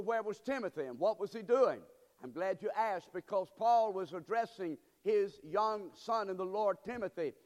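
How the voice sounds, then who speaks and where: A man preaching a sermon as pastor, swinging between calm teaching and sudden loud, emphatic bursts. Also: high-pitched, long reverb tail. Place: church sanctuary.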